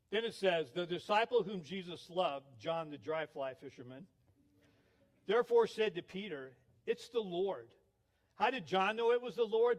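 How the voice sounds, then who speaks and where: Storytelling pastor, a man with a high voice. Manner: storytelling with laughs, acted quotes. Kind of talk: sermon.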